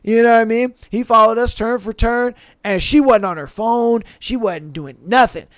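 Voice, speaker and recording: A man's voice: extremely high pitch, normal speed, no room sound. A male podcast host telling a long, rambling anecdote in casual, profane speech, acting out the other people in it. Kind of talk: casual storytelling.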